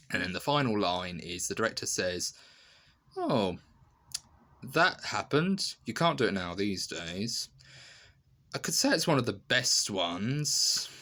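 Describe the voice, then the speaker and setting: Rambling man with a lowish voice. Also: sharp tone. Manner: rambling, full of "you know" and "literally". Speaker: video reviewer. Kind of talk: casual spoken review.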